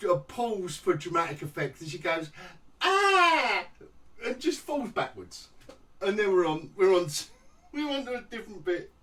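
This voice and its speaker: A man's voice: very high voice, far from the mic. A man ranting sarcastically in a casual TV review vlog, rambling and mocking the show. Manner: mocking, rambling, restarts often, laughs at the show. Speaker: TV review vlogger.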